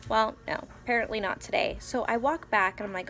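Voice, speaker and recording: A young mother talks at home in a somewhat high voice, rambling through a story with lots of fillers and restarts. Faint music plays in the background. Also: a little fast, hardly any pauses. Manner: quotes her child in a soft whisper. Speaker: mother of three young children. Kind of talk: casual vlog storytelling. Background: faint music playing.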